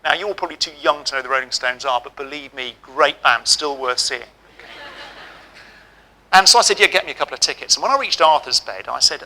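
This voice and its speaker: Man, middle-aged, very bright voice, slightly high pitch, humorous keynote storytelling. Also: lively intonation, brisk, slight background noise, poor audio. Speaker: keynote speaker. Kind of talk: keynote speech. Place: auditorium.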